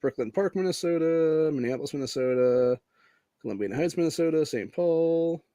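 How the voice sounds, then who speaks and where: This podcast host's voice is a little high and dark, delivered a little fast with no room sound. Screen sharing on his casual political commentary show, he reads the news aloud, cursing freely, repeating "dude" nonstop, and growing more heated.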